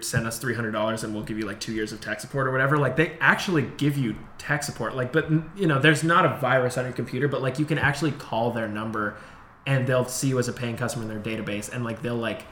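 A man's voice: mid-range voice, fast talker, a bit bright. A man co-hosting a podcast, telling a story in casual, profane chat and laughing often. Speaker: podcast co-host. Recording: roomy sound with faint noise.

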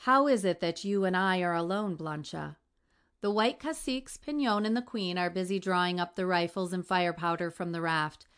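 Woman doing devoted young girl, gentle, earnest, low voice, audiobook. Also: moderate pace, smooth.

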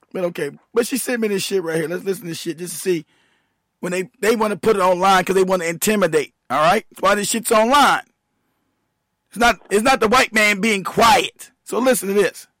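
A man's voice: high voice, fairly bright tone, no echo. A man hosting a profane livestream rant, heated and laughing often, who trails off as he fiddles with his computer. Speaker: show host, military veteran.

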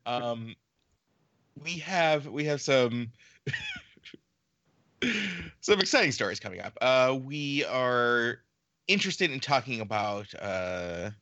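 Guy hosting a podcast, gravelly voice, all over the place pitch-wise, rambly and laughy, dry close sound. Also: animated, measured pace, bright, forceful tone, no echo, highs cut off. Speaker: podcast host. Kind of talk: casual chat.

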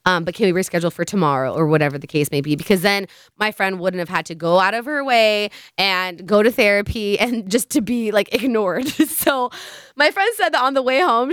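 A young woman casually telling a story to her viewers, chatty and animated, acting out what friends said. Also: medium pitch, brisk, smooth, dry recording, clean studio sound. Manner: chatty, animated retelling with quoted voices. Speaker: vlogger.

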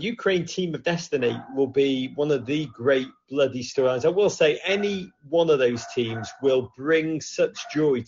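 A man hosting a lively football chat show with callers, joking and swinging from loud to hushed. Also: a little high, a little hiss or hum. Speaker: host. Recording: dull lo-fi sound.

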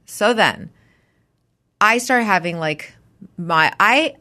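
A woman co-hosting a casual chat, telling a story in an animated way and acting out the voices of the people in it. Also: medium pitch, takes it slowly. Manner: animated, acts out quoted voices. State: mildly congested. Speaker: podcast co-host.

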